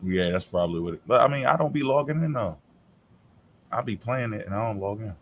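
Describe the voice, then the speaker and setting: A man's voice: on the low side, expressive, a little fast, creaky, slight background noise. A man hosting a casual streamed chat, talking in a blunt, profane and heated way.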